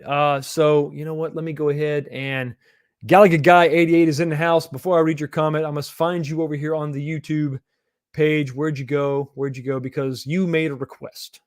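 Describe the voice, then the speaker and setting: Guy hosting a live stream, bit high voice, chatty, calls everyone buddy, dry close sound. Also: dry recording. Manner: chatty and reassuring, addresses viewers as buddy. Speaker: livestream host reading chat. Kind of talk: casual live chat.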